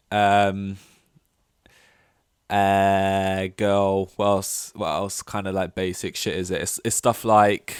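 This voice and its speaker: A young man rambles through a casual solo podcast, full of ums and self-mocking asides. His voice sits a little low and sounds smooth and clean. The recording is dry and close, with no room echo. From London. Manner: rambling, self-deprecating, many fillers and restarts. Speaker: podcast host.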